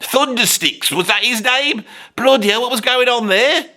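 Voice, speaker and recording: A man's voice: very high-pitched, moderate pace, bright, forceful tone, heavily acted. A man playing a grumpy Birmingham rock veteran in his sixties, with a Birmingham accent, rambling, swearing constantly and grumbling in a comic rant. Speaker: comedy character.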